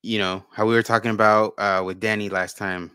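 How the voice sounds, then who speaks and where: A man's voice: on the low side, flat delivery, brisk, sharp tone, clean tone, no echo. A man co-hosting a podcast, talking casually and rambling with many restarts and repeated words. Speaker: podcast co-host. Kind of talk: casual conversation.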